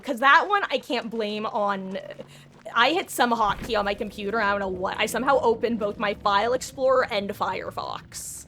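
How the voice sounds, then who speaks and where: High-voiced woman streamer, rambling and flustered. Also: lively intonation, moderate pace, bright, forceful tone, a little hiss or hum. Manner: rambling, frustrated, stammering restarts. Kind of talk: live gaming stream chat.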